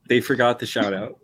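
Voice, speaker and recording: A man guesting on a livestream, deadpan and joking. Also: medium pitch. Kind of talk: casual livestream discussion.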